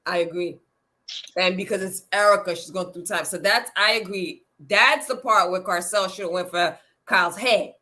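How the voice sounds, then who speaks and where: A woman co-hosting a casual reality TV recap chat, animated, acting out quotes as she talks. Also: lowish voice, normal speed. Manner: animated, acts out quotes, lots of "like" and "yeah". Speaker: co-host.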